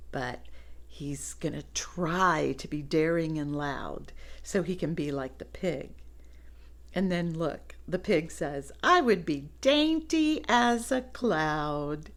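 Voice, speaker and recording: A woman reading a picture book aloud to children, gently pointing out the pictures and laughing softly. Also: on the low side.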